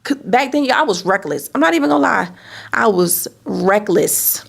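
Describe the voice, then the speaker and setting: A woman telling a candid, animated personal story in a vlog, swearing freely. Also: mid-range voice, normal speed, vocal fry. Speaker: business owner and vlogger.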